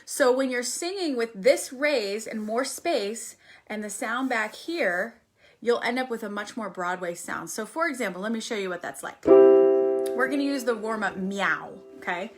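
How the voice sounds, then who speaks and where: A woman giving a musical theater singing workshop, explaining technique and breaking into sung warm-ups and examples. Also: a little high, lively intonation, unhurried, soft background music. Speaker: voice teacher. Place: arts center.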